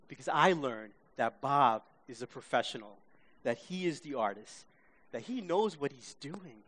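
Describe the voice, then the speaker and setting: A man from Queens, telling an animated story to a live audience, acting out his own reactions and checking in with listeners. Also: mid-range voice, measured pace. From Queens, New York. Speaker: speaker.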